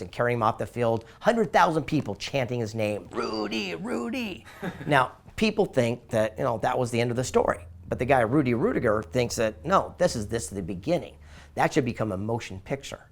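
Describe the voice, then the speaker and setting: A middle-aged American man talks at an ordinary pitch, telling stories as an interview guest. He is upbeat and lively, and he slips into little voices for the people in his anecdotes. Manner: enthusiastic, acts out voices in anecdotes. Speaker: interview guest, author and speaker. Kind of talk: animated storytelling in an interview.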